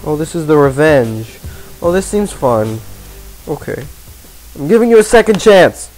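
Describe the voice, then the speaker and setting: High-voiced guy raging at a racing game, voice jumping all over, cussing and yelling, faint game music behind. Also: big pitch swings, a little slow. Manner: exasperated ranting, swearing and yelling at the game. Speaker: let's play host. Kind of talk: gaming commentary.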